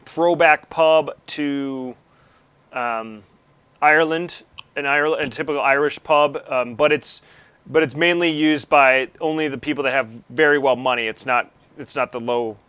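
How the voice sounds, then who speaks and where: A man's voice: mid-range voice, fairly bright tone, clear, resonant tone, dry recording. A man running a tabletop game as game master, narrating in a rambling way with lots of fillers.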